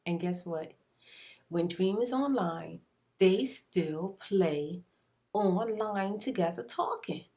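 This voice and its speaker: A woman's voice: mid-range voice, animated, slow pace, dark tone. A woman ASMR creator telling an exasperated story between bites of food, in a casual, emphatic way. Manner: chewing and eating between lines. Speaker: ASMR YouTuber, mother. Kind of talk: casual storytime while eating.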